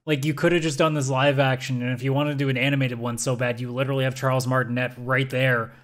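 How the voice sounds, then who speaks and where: A man's voice: medium pitch, level tone, quick pace. Emphatic man arguing on a podcast. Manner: emphatic, opinionated, argues points at length. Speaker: podcast co-host. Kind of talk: casual chat.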